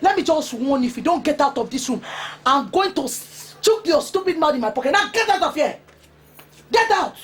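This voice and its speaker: A woman's voice: high voice, expressive, brisk, few pauses. A fiery Nigerian market mother. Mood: furious. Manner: scolding, mixes Pidgin with English. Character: hot-tempered market mother, loud and threatening. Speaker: actress. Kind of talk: Nollywood film acting.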